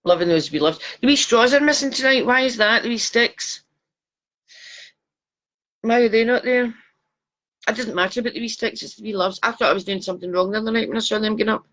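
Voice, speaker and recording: A woman's voice: fairly high pitch, a little fast, long pauses, a bit bright. A middle-aged woman with a Glasgow Scottish accent hosting a casual live stream as a psychic. She chats along, greets viewers by name and pokes fun at herself. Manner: chatty, self-deprecating, greeting viewers by name.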